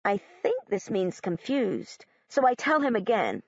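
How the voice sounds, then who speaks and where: A woman's voice: medium pitch, wildly swooping pitch, unhurried, gravelly, darkish tone, no room sound. A woman narrating an audiobook in the first person as a young girl, in a literal, matter-of-fact way. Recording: dull, dry audiobook recording.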